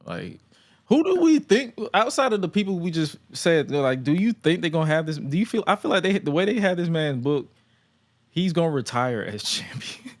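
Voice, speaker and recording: A man's voice: fairly high pitch, sing-song, normal speed. A man co-hosting a casual chat, rambling with lots of "like" and acting out voices. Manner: rambling with many "like" restarts, acts out wrestler voices. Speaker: podcast co-host.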